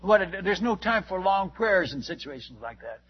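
A man's voice: high voice, very animated, moderate pace, husky, dull audio. A man, a missionary, telling his testimony as a sermon to a congregation, in an emphatic storytelling manner and asking his listeners direct questions.

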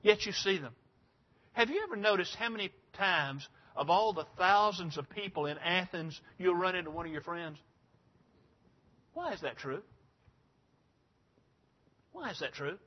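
High-voiced older preacher. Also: male voice, a little slow, long pauses. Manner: folksy, rambling, emphatic. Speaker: pastor. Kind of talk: sermon. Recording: dull lo-fi sound.

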